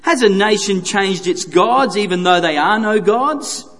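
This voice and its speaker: A man's voice: high voice, expressive, a little slow, fairly bright tone. A man preaching a sermon, earnest and emphatic, repeating phrases for stress. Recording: reverberant hall.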